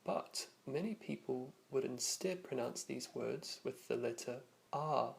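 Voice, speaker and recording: A man teaches a lesson in a creaky, mid-range voice, narrating from a script and slowly demonstrating vowel sounds.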